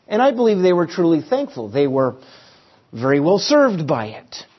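A man's voice: on the high side, huge pitch swings, moderate pace, breathy edge. A man preaching a sermon, storytelling with varied emphasis. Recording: slightly dull recording.

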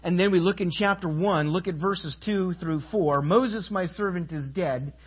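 A pastor delivering an emphatic sermon, asking the congregation rhetorical questions and inviting them to respond. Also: male voice, high voice, normal speed, slightly rough, dull audio.

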